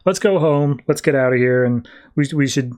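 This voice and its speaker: A man's voice: medium pitch, moderate pace, darkish tone, close to an everyday voice. A man voicing a caring young woman in a casual recap, in his own voice. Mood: concerned.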